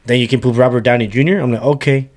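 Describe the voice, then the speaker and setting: Bilingual male co-host, mellow tone, loose, profane casual chat. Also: mid-range voice, steady tone, fast. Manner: switches between English and Spanish mid-sentence, swearing freely. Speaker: podcast co-host.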